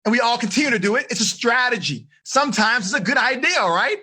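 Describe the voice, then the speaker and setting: A middle-aged man, a teen life coach, teaching a live online seminar in an energetic, questioning way. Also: extremely high pitch, quick pace, husky. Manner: energetic, asks questions, coaxing.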